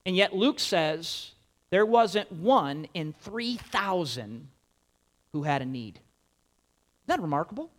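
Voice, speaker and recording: A middle-aged pastor preaching a sermon in an emphatic, conversational way, with lively quoted asides. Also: male voice, high-pitched, slow, pauses often.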